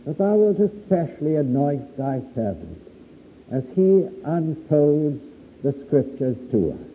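A man's voice: fairly high pitch, narrow, tinny audio, a little hiss or hum. A man leading a formal spoken prayer before a Bible reading, solemn, with old-fashioned thee-and-thou wording. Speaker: chairman leading the opening prayer.

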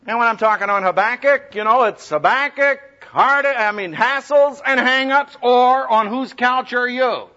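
A man giving a humorous, lively talk to students on how to preach, acting out the voices he quotes. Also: extremely high pitch, measured pace, few pauses. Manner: animated, humorous, acts out quoted voices loudly. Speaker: preacher teaching speaking skills. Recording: dull lo-fi recording.

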